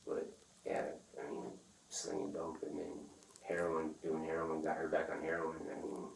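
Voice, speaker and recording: A man telling a rambling, profane story in casual talk, acting out the other people's lines loudly. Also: very deep voice, monotone, normal speed, creaky. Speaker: interviewee. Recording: echoey room, far from the mic, faint noise.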